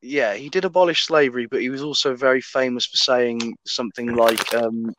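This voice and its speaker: A man's voice: mid-range voice, fairly even intonation, brisk, noisy background. A man casually telling a story in a podcast chat, laid-back, swearing and laughing often.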